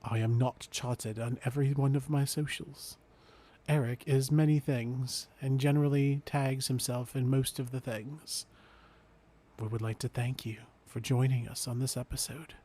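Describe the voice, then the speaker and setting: A man's voice: mid-range voice, fairly even intonation, moderate pace, dark tone. A man co-hosting a casual podcast, cracking dry, crude jokes. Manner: dry, joking, crude humor. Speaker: podcast co-host.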